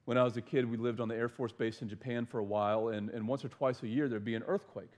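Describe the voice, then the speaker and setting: A man's voice: mid-range voice, fairly even intonation, fast talker, darkish tone. A man preaching a sermon, earnest, stumbling over and repeating words, often asking his listeners questions. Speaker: pastor.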